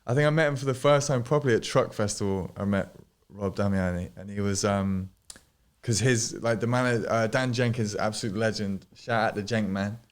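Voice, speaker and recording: A man's voice: on the low side, normal speed. A man who is a guest DJ, chatting casually and rambling through anecdotes, swearing freely. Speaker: podcast guest DJ. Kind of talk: casual chat.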